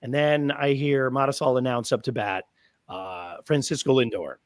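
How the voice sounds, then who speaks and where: Speaking at a moderate pace, this thirtysomething man is a stadium announcer appearing as a podcast guest, spinning long, lively stories full of fillers. The recording is dry and his pitch sits in the middle.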